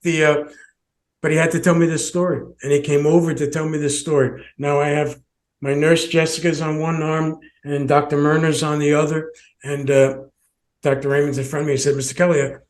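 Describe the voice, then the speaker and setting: A man's voice: on the high side, little pitch movement, a little fast. A man who hosts a podcast, telling a personal story with many restarts and short laughs. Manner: rambling, many restarts, laughs between phrases. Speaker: podcast host.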